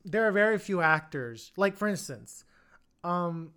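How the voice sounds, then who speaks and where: A man co-hosting a casual podcast chat, hesitant, with many fillers and quick restarts. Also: high-pitched, lively intonation, bright, forceful tone, clean tone. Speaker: podcast co-host.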